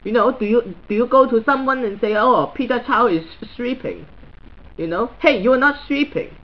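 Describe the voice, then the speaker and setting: A man's voice: very high-pitched, moderate pace, dull audio. A man doing a crude Chinese guy with a heavy ranting style. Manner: broken English, crude and blunt, stuttering repeats. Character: crude, blunt middle-aged Chinese man, new to social media. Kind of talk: comedic character monologue.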